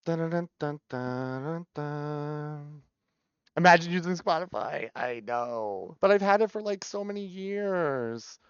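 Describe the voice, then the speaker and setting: A man chatting on a live stream, excitable, swearing and repeating words in quick runs. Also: fairly high pitch, clear, resonant tone, no echo. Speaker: variety streamer. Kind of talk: casual live stream chat. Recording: dull lo-fi stream audio.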